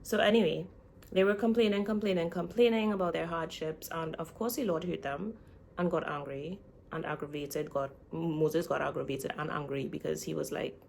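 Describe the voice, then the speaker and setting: A woman's voice: sits low, normal speed, creaky, a little mellow, a little hiss or hum. A young woman vlogging in a casual, chatty way, speaking straight to her viewers. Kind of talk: casual chat.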